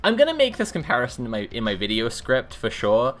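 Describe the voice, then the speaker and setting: A woman's voice: very deep voice, huge pitch swings, fast, soft background music. A woman live-streaming, reading a book aloud and breaking off into sarcastic, rambling commentary. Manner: sarcastic, rambling asides between read passages.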